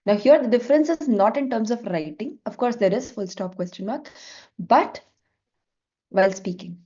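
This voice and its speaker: A woman's voice: on the high side, lively intonation, moderate pace, warm tone. Patient woman teaching a French class online. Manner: patient, explains step by step, slips between English and French. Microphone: video call. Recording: slightly dull lo-fi call audio.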